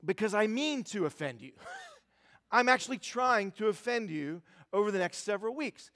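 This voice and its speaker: A man's voice: sits high, lively intonation, normal speed, fairly bright tone, long reverb tail. A man preaching a sermon as pastor, conversational and self-deprecating, with lots of fillers and restarts. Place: church sanctuary.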